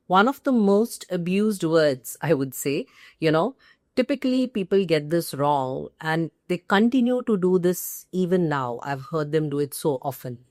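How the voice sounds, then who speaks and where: A woman with an Indian English accent, teaching English pronunciation as host and stressing key words slowly. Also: sits low, darkish tone, no echo, clean studio sound. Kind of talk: pronunciation lesson to camera.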